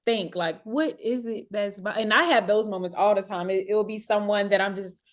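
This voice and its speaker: A woman's voice: medium pitch, normal speed. Woman host, casual, affirming, laughs easily, plain mid-range voice. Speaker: host and business owner. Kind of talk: casual conversation.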